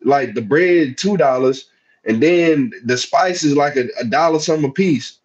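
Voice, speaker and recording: A man's voice: a little high, normal speed, breathy edge, muffled recording. Laid-back Southern man chatting on a livestream. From United States. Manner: chatty, laid-back, talks straight to chat. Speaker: livestream host. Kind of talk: casual livestream chat.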